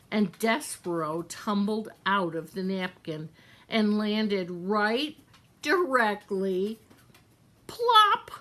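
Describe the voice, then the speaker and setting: Young woman reading a kids' book out loud, slow and unhurried, voice rises and falls a lot. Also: fairly high pitch. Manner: gentle storyteller, addresses the reader directly. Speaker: children's book reader. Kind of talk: reading a children's novel aloud.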